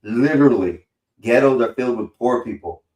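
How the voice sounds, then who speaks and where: A man's voice: mid-range voice, moderate pace. Profane, rambling man in an echoey room. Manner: profane, rambling, animated storytelling. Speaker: stream host. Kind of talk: casual call-in chat. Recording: roomy echo.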